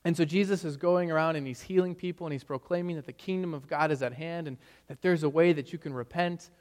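A man delivering a sermon, his voice sitting a little higher than most men's. He preaches earnestly, swelling on key phrases and dropping soft at their ends, with the odd stumble. The sound carries a long reverb, as in a church sanctuary. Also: quick pace. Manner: earnest, rising and falling emphasis, occasional stumbles. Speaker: pastor.

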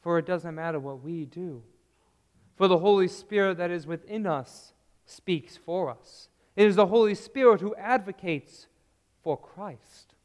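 A man preaching a sermon in a slow, earnest way, dropping to a hushed tone on key phrases, recorded in a church. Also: a little high. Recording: long reverb of a large hall.

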